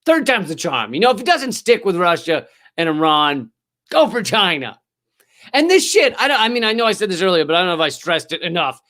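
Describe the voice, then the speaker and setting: A male comedy host ranting with biting sarcasm and plenty of profanity. His voice sits a little high for a man and jumps between loud outbursts and muttered asides. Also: sing-song, fairly quick. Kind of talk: scripted comedic rant.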